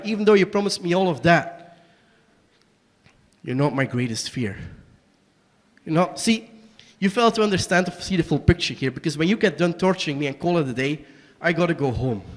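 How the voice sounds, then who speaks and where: A young man performing a one-man tragicomedy on a small stage, shifting between quiet confession and angry outbursts. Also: fairly high pitch, long reverb tail. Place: small basement performance space.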